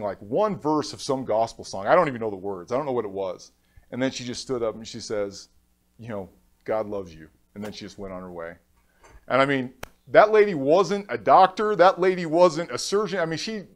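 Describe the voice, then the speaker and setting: A man speaks into a stage microphone at a conference, telling a personal story in an unpolished, heartfelt way. He restarts his sentences and acts out what other people said. His voice sits at an ordinary middle pitch for a man. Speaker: keynote speaker.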